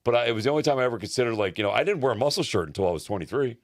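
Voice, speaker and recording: A man's voice: medium pitch, animated, very fast. A middle-aged man, a personal trainer co-hosting a podcast, telling rambling stories in casual chat with lots of restarts and fillers.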